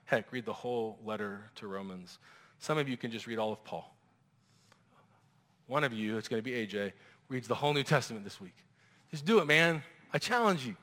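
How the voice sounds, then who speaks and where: A man preaching a sermon as a pastor, animated and acting out quoted voices. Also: medium pitch, a little fast, long pauses. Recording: long reverb of a large hall.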